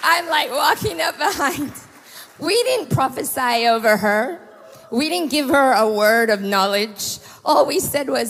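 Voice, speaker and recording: Middle-aged female pastor, higher voice, animated sermon delivery, big reverberant hall. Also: a little slow. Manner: animated preaching with storytelling asides. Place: church hall.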